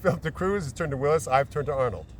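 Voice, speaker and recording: A man's voice: fairly high pitch, fast. A man being interviewed as a council candidate in casual outdoor chat, talking in a jokey, rambling way. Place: outdoors on a bluff by the lake. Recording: distant mic outdoors with ambient noise.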